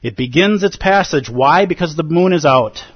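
Guy teaching meditation, husky voice, kinda muffled lo-fi sound, earnest and pleading with jokey bits. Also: on the high side, animated, moderate pace. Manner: earnest and pleading, with playful asides. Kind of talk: dharma talk.

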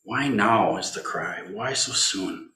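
A man giving a gentle, playful Zen dharma talk, laughing often as he teaches. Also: lowish voice, slow. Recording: roomy hall.

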